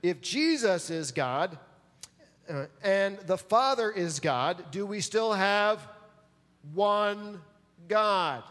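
A man's voice: sits high, lively intonation, drawn-out words, fairly bright tone, long reverb tail. A man preaching a sermon as pastor, emphatic and pressing his listeners to answer back. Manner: emphatic, calls for audience response.

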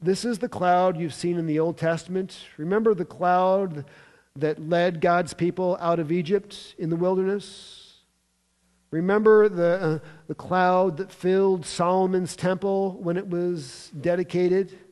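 A man preaching a sermon, retelling scripture with emphatic, animated storytelling and touches of humor. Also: high voice, unhurried. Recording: long reverb of a large hall.

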